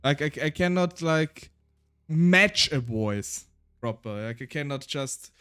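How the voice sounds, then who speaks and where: Chatty man streamer, slightly high voice. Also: expressive, measured pace, fairly bright tone, smooth. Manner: chatty, laughs often, stumbles and restarts. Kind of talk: casual chat while reading game text aloud.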